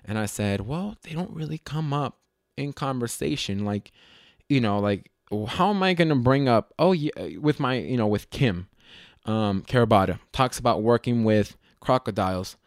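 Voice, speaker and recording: A man from Las Vegas hosting a casual podcast, telling stories in a rambling, self-correcting way with sudden lively jumps in pitch. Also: normal speed, dry recording, studio quality. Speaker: podcast host. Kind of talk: casual solo podcast storytelling.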